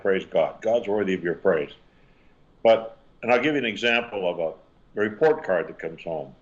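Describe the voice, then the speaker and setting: An older man, a parenting author and guest, answering interview questions with lively stories. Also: lowish voice, highs cut off. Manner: animated storytelling, acting out quotes.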